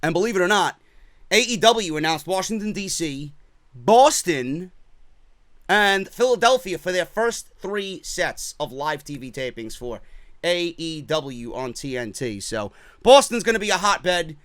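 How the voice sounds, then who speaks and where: Man, new york accent, podcast host, sarcastic rant, high-pitched, bright. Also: expressive, measured pace, no room sound, clean studio sound. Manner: sarcastic, profane, ranting. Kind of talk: casual wrestling commentary.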